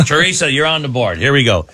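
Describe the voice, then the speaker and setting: A man hosting a morning radio show, talking fast and joking as he runs a call-in game. His voice is dry and close in a studio, with no room echo, at an average male pitch. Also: sing-song, pushed and bright. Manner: quick, joking, hypes up the caller. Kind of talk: upbeat radio game banter.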